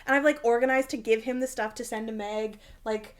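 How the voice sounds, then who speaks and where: A woman's voice: fairly high pitch, brisk. A woman in her thirties, co-hosting a casual chat and telling a story, acting out the voices in it. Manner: animated storyteller acting out quotes. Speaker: podcast co-host.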